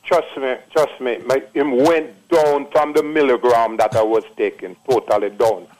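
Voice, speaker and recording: A man's voice: medium pitch, moderate pace, a little mellow, low-quality recording. A man in his late sixties with a Jamaican accent, calling in to tell a long, repetitive, emphatic story. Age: 60s. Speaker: caller. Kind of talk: casual phone testimony.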